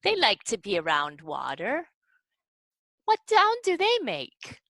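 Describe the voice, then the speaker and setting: Lively bright-voiced woman reading to kids. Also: fairly high pitch, slow pace, no room sound, poor audio. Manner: animated, coaxing, talks directly to kids. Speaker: children's library program host. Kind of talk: storytelling and songs for young children. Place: at home.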